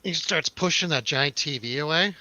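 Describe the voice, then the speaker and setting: A man's voice: fairly high pitch, normal speed, sharp tone, no room sound, poor audio. A young man on a podcast, telling a story in casual chat, acting out quotes and swearing freely. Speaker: podcast co-host.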